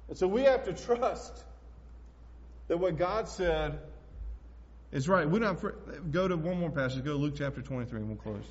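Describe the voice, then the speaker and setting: A man preaching a sermon as pastor, emphatic, swinging between loud declarations and hushed asides. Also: fairly high pitch, expressive, normal speed, long pauses. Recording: echoey hall, dull lo-fi sound.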